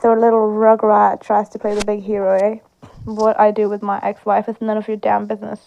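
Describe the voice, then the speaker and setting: A woman's voice: mid-range voice, monotone, fairly quick, vocal fry, mellow, close to an everyday voice. A sneering male kidnapper, read by a woman. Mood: taunting. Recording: slightly dull lo-fi sound.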